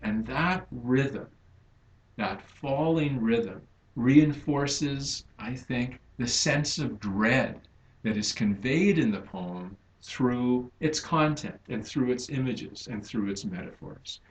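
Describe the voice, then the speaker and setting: Slow, deliberate male lecturer in an echoey room. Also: mid-range voice, expressive. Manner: slow, deliberate, emphasizing stressed syllables. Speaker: literature lecturer. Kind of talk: recorded lecture.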